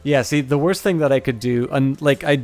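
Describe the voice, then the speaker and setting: Halting man running a tabletop game. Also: medium pitch, a little mellow. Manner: halting, self-correcting. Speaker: game master. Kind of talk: narrating a tabletop game livestream.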